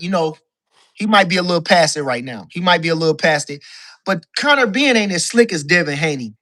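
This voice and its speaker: A man with a bright, forceful voice rants about boxing as a call-in guest. He swears freely and keeps repeating his points for emphasis. He sounds loose and heated. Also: high voice. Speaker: guest caller, boxing commentator. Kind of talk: casual boxing talk rant.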